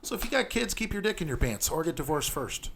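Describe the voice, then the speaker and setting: Guy on a podcast, lectures bluntly and swears a lot, bouncy pitch. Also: big pitch swings, fast, vocal fry, background noise. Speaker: podcast guest. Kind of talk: crude casual podcast banter.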